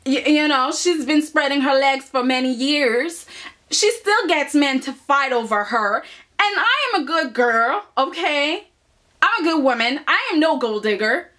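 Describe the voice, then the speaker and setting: A woman's voice: sits high, a bit bright. A woman casually recapping a soap opera episode, sassy and chatty, often tagging her points with "okay?".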